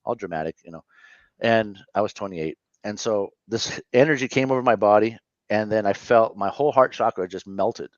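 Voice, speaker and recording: Earnest low-voiced man in his fifties. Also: no echo, dull audio. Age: 50s. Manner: earnest and candid, halting with frequent self-corrections. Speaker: guest. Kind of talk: personal storytelling in an interview.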